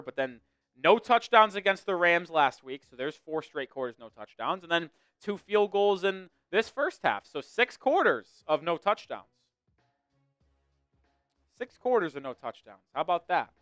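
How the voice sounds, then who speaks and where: A man streaming sports commentary on his own, fired up and venting to his live chat between score updates. His voice sits high and comes through crisp and smooth. The sound is dry and close, with faint music playing under it. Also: a bit bright, dry recording. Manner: fired-up, ranting, talks straight to the chat.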